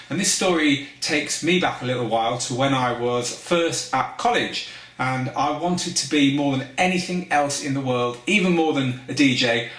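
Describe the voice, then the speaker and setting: A man from Manchester, hosting a DJ course and teaching through a candid personal story, his pitch lifting as he stresses points. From Manchester, England. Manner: conversational, candid storyteller with lively pitch lifts. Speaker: DJ course host. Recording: roomy echo.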